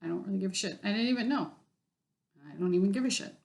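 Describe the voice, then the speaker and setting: A woman's voice: medium pitch, fast talker, vocal fry. A woman telling a story in a casual vlog, blunt and exasperated, swearing freely. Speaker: vlogger.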